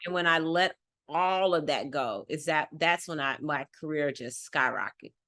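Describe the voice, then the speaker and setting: A woman's voice: sits low, moderate pace, fairly bright tone. A woman from Texas with a Texan accent, chatting casually and emphatically on a talk show, laughing often and repeating points for emphasis. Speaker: guest. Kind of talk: casual chat.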